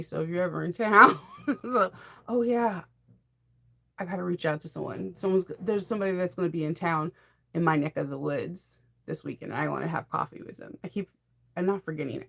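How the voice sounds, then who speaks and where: A woman's voice: fairly low pitch, gravelly, a bit bright, slightly rough. A middle-aged woman hosting a sewing channel, chatting casually in a rambling, enthusiastic way and laughing often. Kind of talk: casual chat.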